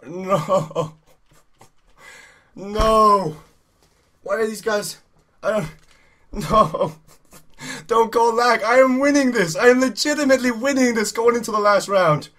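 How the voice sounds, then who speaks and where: A man giving excited live commentary while playing a cycling race game, urging himself on, repeating phrases and shouting. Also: high-pitched, slow, long pauses. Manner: urgent, repetitive, shouting in excitement. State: out of breath. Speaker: gaming YouTuber.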